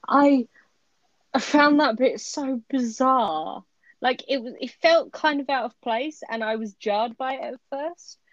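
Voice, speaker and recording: A chatty woman co-hosting a podcast talks about a story with lively animation, laughing as she goes. She sounds close and dry, with no room around her. The sound is a little dull and lo-fi. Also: sits high, a little slow, dry recording. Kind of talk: casual chat reviewing a story. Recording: dry, slightly muffled lo-fi recording.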